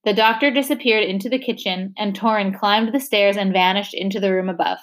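A woman reading a novel chapter aloud, steady and expressive. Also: mid-range voice, brisk. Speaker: reader.

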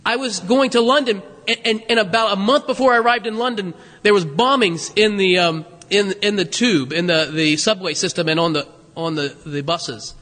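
A man in his fifties preaching a sermon, animated and jokey, laughing at himself as he talks. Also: sits high, moderate pace, big-room sound. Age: 50s. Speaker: pastor.

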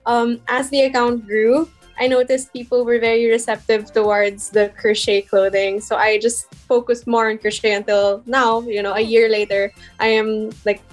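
A young woman who owns a small crochet shop chats casually as an interview guest, giggling often and filling with "like" and "um." Her voice is on the high side with little pitch movement, moderate in pace with hardly any pauses, and faint music plays behind her.

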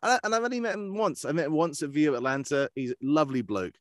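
A man who works as a voice actor, chatting casually in an interview and telling animated stories. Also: fairly high pitch, fast, dry recording, clean studio sound. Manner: animated storyteller who slips into character voices. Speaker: voice actor guest.

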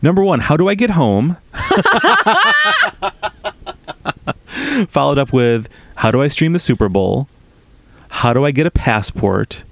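A man co-hosting a casual comedy chat, riffing on jokes in quick bursts and laughing often. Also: a little high, wildly swooping pitch, creaky, fairly bright tone. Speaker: podcast co-host.

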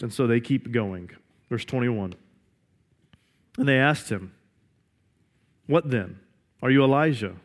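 Man preaching a teaching sermon. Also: mid-range voice. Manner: teaching, reads scripture aloud and explains it; asks rhetorical questions. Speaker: pastor.

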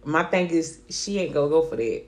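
A woman's voice: sits low, fairly quick, reverberant. A woman co-hosting a podcast, chatting candidly and telling stories with lots of slang. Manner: candid, animated storytelling with slang. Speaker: podcast co-host. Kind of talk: casual chat.

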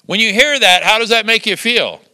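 In his sermon, an older pastor speaks fairly quickly in a high-sitting voice, bringing his stories to life with chuckles and acted-out quotes. There is no echo.

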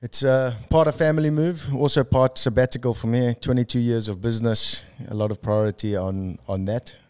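A South African man in his forties, a podcast guest talking in an easygoing, reflective way with frequent pauses. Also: medium pitch, steady tone, darkish tone, clear, resonant tone. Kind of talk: casual podcast conversation.

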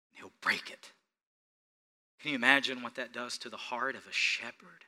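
A male pastor preaching a sermon, speaking straight to his congregation and swinging between hushed, tender passages and loud, rising ones. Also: medium pitch. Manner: repetitive, direct address to congregation.

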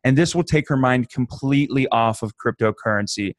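A man's voice: mid-range voice, brisk, no echo, clean studio sound. A man co-hosting a podcast in casual chat, handing out joking, playful advice. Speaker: podcast co-host.

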